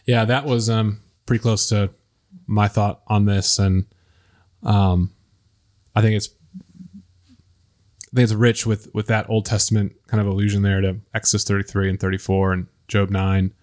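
A man hosting a casual Bible study podcast, talking in a hesitant way with many pauses and fillers. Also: lowish voice, little pitch movement, a little mellow. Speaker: podcast host leading discussion.

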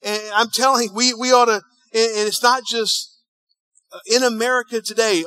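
A man preaching a sermon, telling a story and acting out the dialogue, dropping quiet and then rising loud. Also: very high-pitched, fairly even intonation, normal speed, smooth, dry recording, low-quality recording. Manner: storytelling, acts out dialogue, swings between hushed and loud. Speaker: pastor.

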